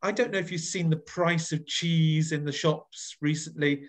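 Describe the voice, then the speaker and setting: A man's voice: fairly high pitch, fairly even intonation, moderate pace. A man leading an online voice workshop over a video call, coaxing the group and acting out each phrase with big, exaggerated expression. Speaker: voice workshop leader.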